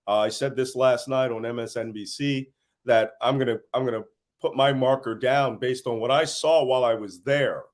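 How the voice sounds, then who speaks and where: A worn-out middle-aged American man gives interview answers on a conflict. He tells his points as lively stories, chuckling here and there. His voice sits at an ordinary middle pitch. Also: moderate pace. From United States. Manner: animated storytelling with laughs. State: tired. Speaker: interview guest, intelligence analyst.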